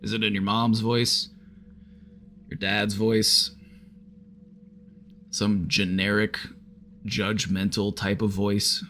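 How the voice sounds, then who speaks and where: A man's voice: on the low side, level tone, takes it slowly, long pauses, bright, forceful tone, a little hiss or hum. A man giving casual advice on a live stream at home, talking loosely with lots of "like" and some swearing. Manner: casual, frequent filler "like", swears. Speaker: therapist streamer. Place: home, with his dog.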